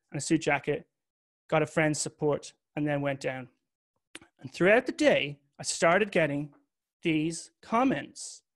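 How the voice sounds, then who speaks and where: Candid man giving a talk. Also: a little high. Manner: candid and confessional, swears casually. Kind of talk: personal talk to an audience.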